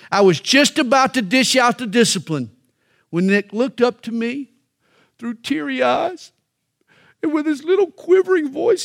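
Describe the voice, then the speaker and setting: A middle-aged male pastor preaching a sermon, emphatic and alliterative, with pointed pauses between phrases. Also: high voice, fairly bright tone.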